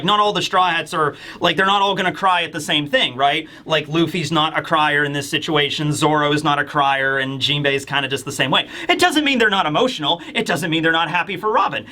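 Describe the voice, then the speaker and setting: A man's voice: a little high, pushed and bright. A man hosting a casual manga review, talking in a rambling, enthusiastic way. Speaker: host.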